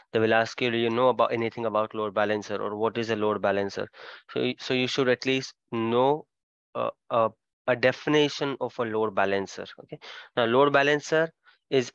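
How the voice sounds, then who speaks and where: A man's voice: medium pitch, fairly bright tone, clear, resonant tone, dry recording. A man teaching a live online class, his speech muffled, explaining step by step and repeating points. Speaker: cloud course instructor.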